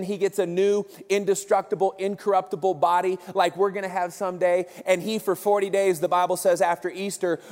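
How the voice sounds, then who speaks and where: A man preaching a sermon as pastor, animated and conversational. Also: high voice. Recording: long church-hall reverb.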